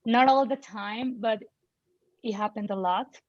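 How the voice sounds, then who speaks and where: A woman's voice: fairly high pitch, unhurried, no room sound, highs cut off. Outspoken woman sharing a parent's story. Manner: outspoken, animated, full of fillers and voiced quotes. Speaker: parent panelist. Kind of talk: personal storytelling in a panel conversation.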